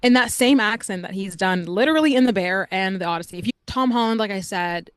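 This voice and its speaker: A young adult woman co-hosting a podcast, reviewing a film in casual, animated chat full of filler words. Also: medium pitch, fast, clean tone, no echo, studio quality. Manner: chatty, animated, frequent "like" fillers. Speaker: podcast co-host.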